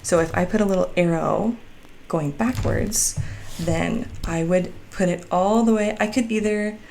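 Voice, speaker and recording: A woman's voice: fairly low pitch, a little slow, vocal fry, a little mellow, a little hiss or hum. A young adult woman, chatty and upbeat, walking viewers through her journal in a casual how-to vlog with lots of likes and ums. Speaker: bullet journal creator.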